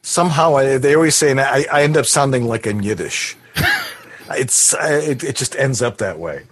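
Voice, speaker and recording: A man's voice: medium pitch, normal speed. A man from Buffalo hosting a casual show, joking around with his guests. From Buffalo, New York. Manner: jokey, lively. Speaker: host. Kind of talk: casual chat.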